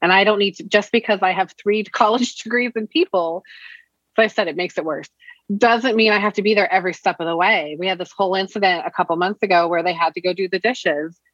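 A candid, animated woman from Virginia telling parenting stories in a casual podcast chat. Her voice sits in a middle register and sounds dry and close. The recording is slightly dull and lo-fi. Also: medium pitch, fast talker, dry recording. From Virginia, USA. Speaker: guest, counselor and mother. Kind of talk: casual conversation, storytelling.

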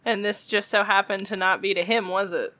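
A woman co-hosting a casual chat, reacting with quick jokes and frequent laughter. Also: mid-range voice, steady tone, bright, forceful tone, no echo. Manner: reactive, joking, laughs often.

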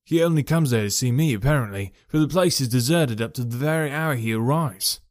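A man voicing an excitable young male clerk in an audiobook, speaking up eagerly. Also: mid-range voice, a little fast, no room sound, clean studio sound, close to an everyday voice. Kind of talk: audiobook character voice.

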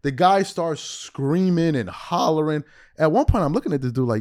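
A man's voice: fairly high pitch, moderate pace, dry recording, studio quality. A man giving a blunt, mocking sports commentary monologue as a podcast host, ranting about players and joking along the way. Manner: blunt, mocking, animated, teasing then insisting it's jokes.

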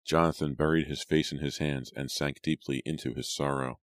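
A man narrating an audiobook in a slow, measured and grave manner. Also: rumbling low, flat delivery, no echo. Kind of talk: scripted dramatic narration.

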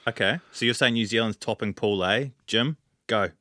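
A man hosting a casual sports podcast, briskly steering the talk with questions. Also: fairly low pitch, pushed and bright, no echo, clean studio sound. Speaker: podcast host, moderator.

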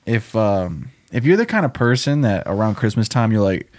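A man's voice: fairly low pitch, big pitch swings, moderate pace, a little mellow. A man co-hosting a comedy podcast, laid-back and joking. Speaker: podcast co-host. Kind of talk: casual comedy chat.

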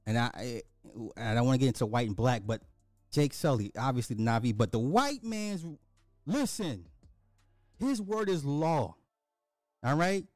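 A man giving an animated, emphatic casual recap of a movie, repeating himself for effect. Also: medium pitch, unhurried, pauses often, dry recording, clean studio sound, soft background music. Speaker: movie reviewer.

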